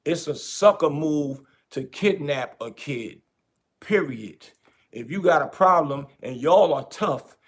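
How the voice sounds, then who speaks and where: A podcast host talking in a casual, animated way, repeating his points for emphasis. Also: mid-range voice, creaky. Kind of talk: casual commentary.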